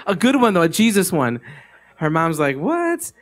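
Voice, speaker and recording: A man telling a story at a live gathering. He speaks into a microphone in a relaxed, conversational way, with many fillers and restarts. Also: fairly high pitch, normal speed. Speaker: speaker sharing a testimony. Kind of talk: casual spoken storytelling.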